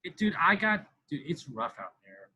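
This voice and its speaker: A man's voice: fairly high pitch, big pitch swings, normal speed, sharp tone, slightly rough, poor audio. A man in his thirties talking as a podcast guest, intense and profane, repeating himself for emphasis. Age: 30s. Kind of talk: candid interview talk.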